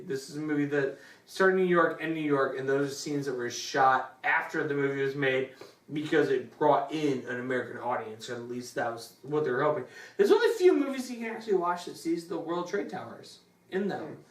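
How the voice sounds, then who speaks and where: An animated movie reviewer who rambles crudely through a plot retelling, the voice swinging up and down as it goes. The sound is roomy and picked up from a distance. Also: mid-range voice, fairly quick. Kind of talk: comedic movie review chat. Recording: roomy room, distant mic.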